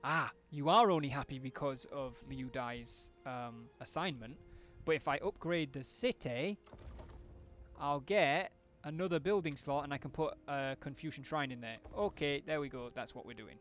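A man's voice: medium pitch, normal speed, fairly bright tone, lo-fi sound, faint music behind. A man thinking aloud with wry asides as he streams a strategy game live.

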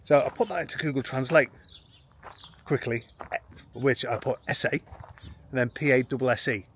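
A man chatting to camera in a relaxed family vlog. His voice sits at a middling pitch, and he rambles and restarts with a self-mocking, chuckling manner. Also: slight background noise. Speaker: expat family vlogger. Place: in and around a home in rural France.

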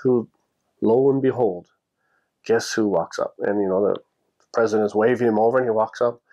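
Gravelly man telling a story. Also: on the low side, moderate pace, highs cut off. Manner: animated, acts out the voices of people in his story; plainspoken, with frequent restarts and "you know". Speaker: podcast host telling a story. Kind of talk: casual storytelling.

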